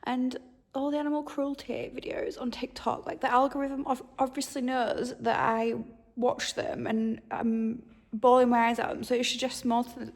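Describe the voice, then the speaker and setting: A woman in her thirties talking casually to her camera in a diary-style vlog, chatty and openly emotional, sometimes dropping to a hushed near-whisper. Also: a little high, little pitch movement, moderate pace. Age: 30s. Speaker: vlogger. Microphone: handheld camera.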